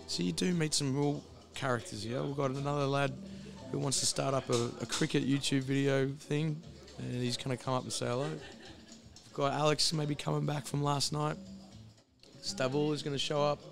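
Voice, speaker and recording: A hoarse man with a husky voice, chatting casually and rambling before a live stream, swearing freely and losing his train of thought. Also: medium pitch. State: hoarse, voice recovering. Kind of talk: casual pre-stream chat. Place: hostel.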